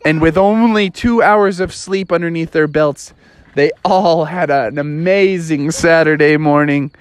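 A woman's voice: deep voice, measured pace, no echo. A woman casually telling a playful bedtime story, talking straight to the children. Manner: playful, animated, talks straight to kids.

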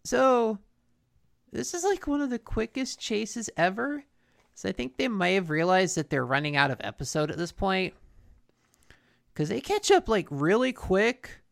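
A young woman chats casually as a podcast co-host, retelling a cartoon plot with quoted voices. Her pitch moves a lot and her voice carries a gravelly fry. The sound is dry and close. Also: a little slow, no echo. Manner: animated storytelling with quoted voices. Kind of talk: casual chat recapping a cartoon.

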